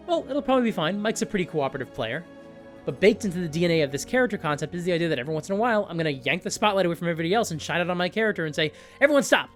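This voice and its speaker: A man hosting a tabletop gaming video, talking through his thinking in an animated, self-questioning way. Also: on the high side. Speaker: YouTube host.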